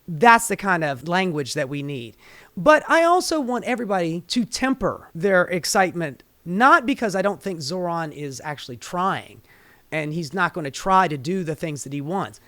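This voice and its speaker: A man's voice: high-pitched, very animated, normal speed, a bit bright, dry recording. Profane, heated male political ranter. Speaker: political commentary host. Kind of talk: ranting political commentary.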